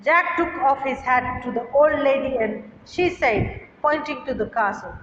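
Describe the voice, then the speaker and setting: A woman's voice: sits high, lively intonation, a little slow, hardly any pauses, fairly bright tone, a little hiss or hum. A woman teacher reading a story aloud and explaining it, reading a line and then paraphrasing it in simple words, recorded in an echoey hall with dull lo-fi sound.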